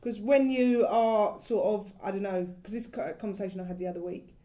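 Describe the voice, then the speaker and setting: A woman with a mid-range voice co-hosts a casual conversation, talking fairly quickly in loose, trailing fragments. She gets animated and lifts her voice when quoting other people.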